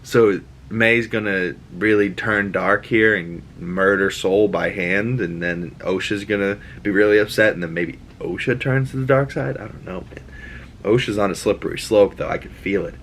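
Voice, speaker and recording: A young man with a Boston accent and a somewhat low-pitched voice hosts his own show. He recaps a TV episode in a loose, profane, animated way, ranting as he goes. He breaks into quick voices for the characters he describes. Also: a little hiss or hum. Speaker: show host. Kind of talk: casual TV recap and rant.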